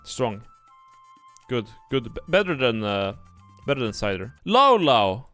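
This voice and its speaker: A young male streamer whose voice swings up and down in a lively way as he thinks aloud, blunt and profane. Soft music plays faintly underneath. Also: mid-range voice, measured pace. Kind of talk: casual livestream commentary. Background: faint background music.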